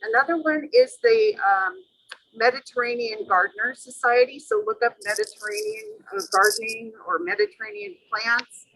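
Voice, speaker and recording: Woman, high lively pitch, gravelly, halting, bright and breathy, dry sound. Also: no room sound, rough recording. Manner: halting, many fillers, pitch swooping widely. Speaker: guest speaker on native plants. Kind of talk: casual panel remarks.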